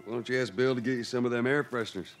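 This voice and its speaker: A man playing a gruff hardened survivor. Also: medium pitch, steady tone, rapid-fire, soft background music, natural voice. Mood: dry. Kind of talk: video game dialogue.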